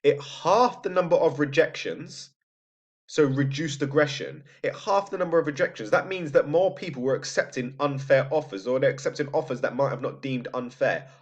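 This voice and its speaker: A man's voice: mid-range voice, normal speed. A man teaching a recorded psychology lesson in a casual, conversational way, checking in with "right?" and restarting his sentences. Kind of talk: recorded lecture. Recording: slightly dull lo-fi audio.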